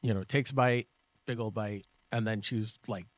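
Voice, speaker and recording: Laid-back man, low voice, dry room. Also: normal speed, dry recording. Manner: relaxed, gives practical tips. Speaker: podcast co-host, martial arts instructor. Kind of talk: casual chat.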